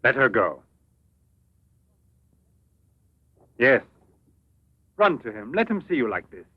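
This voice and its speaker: A man's voice: medium pitch, sing-song, moderate pace, no room sound. An actor playing a possessive male scientist in a dubbed 1950s film, speaking intensely, pleading one moment and commanding the next. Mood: bitter. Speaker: professor. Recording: dull lo-fi old film soundtrack.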